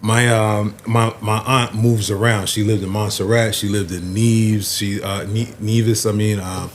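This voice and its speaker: A man with a Chicago accent, a podcast co-host chatting casually and telling stories in a relaxed, loose way. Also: on the low side, normal speed, a little hiss or hum. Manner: relaxed storyteller, loose and profane. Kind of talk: casual chat.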